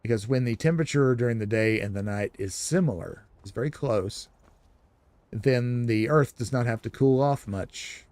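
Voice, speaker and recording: A man's voice: mid-range voice, moderate pace, a little mellow, dry recording. A man giving casual, rambling commentary while streaming a video game. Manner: chatty, rambling, explanatory. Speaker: gaming streamer.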